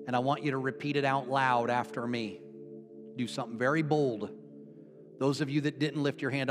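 A man preaching as a pastor, praying fervently and then gently leading an altar call and repeat-after-me prayer. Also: medium pitch. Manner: fervent praying voice that drops to soft, hushed invitation.

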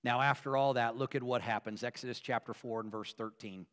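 A man preaching a sermon as a pastor, earnest, moving between emphatic, rising passages and quiet, hushed ones. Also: medium pitch, steady tone, a little fast. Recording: long reverb of a large hall.

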